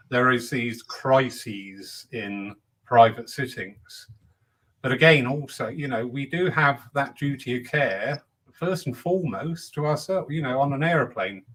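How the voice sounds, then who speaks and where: Man, host, casual chat, chatty, mid pitch. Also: unhurried, a bit bright, low-quality recording. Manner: chatty, acts out quoted voices. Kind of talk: casual panel discussion.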